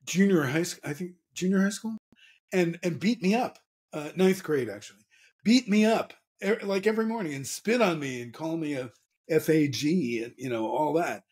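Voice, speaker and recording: Candid, slightly high-voiced male guest. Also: lively intonation, normal speed, darkish tone. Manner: candid, earnest, many restarts. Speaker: guest author. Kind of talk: casual interview chat.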